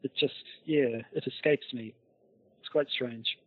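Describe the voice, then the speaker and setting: A man's voice: medium pitch, fairly even intonation, a little slow, no room sound. A man co-hosting a podcast over an internet call, talking in long, rambling sentences with dry humor. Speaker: podcast co-host. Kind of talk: casual chat over a call. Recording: muffled tinny internet call line.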